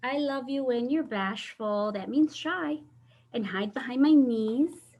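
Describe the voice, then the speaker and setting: Over a video call, a woman reads a picture book to children, animatedly pausing to ask them questions. Her voice sits on the high side, she goes slowly, and the audio sounds dull.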